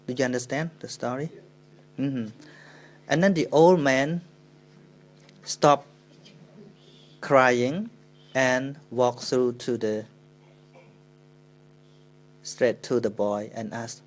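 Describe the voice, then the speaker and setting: Khmer-accented monk, unhurried dharma talk, measured mid-pitch voice, stops to rephrase. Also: male voice, rough recording. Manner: slow, unhurried, speaking English with pauses and self-corrections. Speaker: Buddhist monk.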